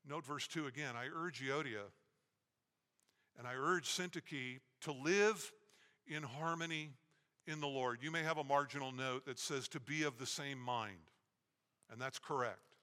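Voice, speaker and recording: A male pastor delivers an emphatic sermon in a bright, forceful voice that sits a touch above the usual male pitch. He stretches and stresses words for weight and slips into quoted speech. The recording has a long hall reverb around him. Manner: emphatic preaching with dramatic pauses. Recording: echoey hall.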